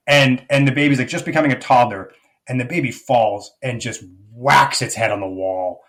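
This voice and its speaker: A man's voice: mid-range voice, a little fast, fairly bright tone. A man speaking as a life coach guest in a podcast interview, reflective and rambling, with many fillers and restarts.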